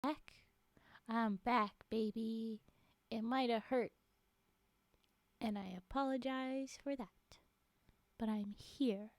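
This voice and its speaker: A woman's voice: on the high side, steady tone, slow, long pauses, dry recording. A woman streaming live from a home setup on a desk microphone, chatting casually, giggling often and poking fun at herself. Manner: giggly, rambling, self-mocking.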